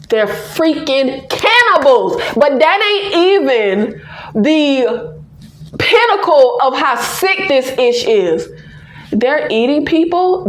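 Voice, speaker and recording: A woman recapping a TV episode in an excited, casual way, exclaiming and laughing as she addresses viewers directly. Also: high-pitched, roomy sound. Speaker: TV episode reviewer.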